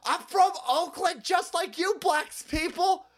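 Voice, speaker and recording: Man playing mocking impression of a woman, high pitched and slow, sneering. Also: a bit bright, heavily acted.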